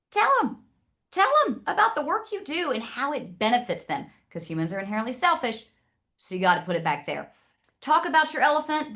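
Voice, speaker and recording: A woman's voice: fairly high pitch, fairly bright tone. A woman from the American South with a Southern accent, presenting to an audience in a chatty, direct way. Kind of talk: casual talk to an audience.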